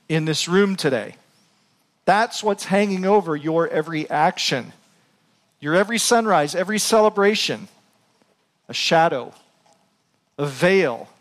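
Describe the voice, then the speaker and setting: A man preaching a sermon to a congregation as their pastor, earnest and building to impassioned appeals. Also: fairly high pitch. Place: church before a congregation.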